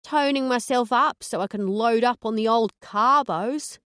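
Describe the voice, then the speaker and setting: A woman voicing a bubbly, ditzy young Australian woman in a deliberately overdone put-on Australian accent. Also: a little high, fairly bright tone, smooth, no room sound, studio quality, voice pushed up. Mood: breezy.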